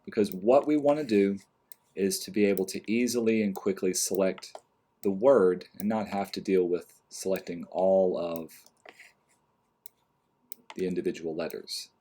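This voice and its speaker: Male design instructor, lowish voice, calm step-by-step tutorial narration, clicks in background. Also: a little slow, breathy edge. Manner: calm step-by-step explaining, trailing off quietly. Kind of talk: screen-recorded software tutorial.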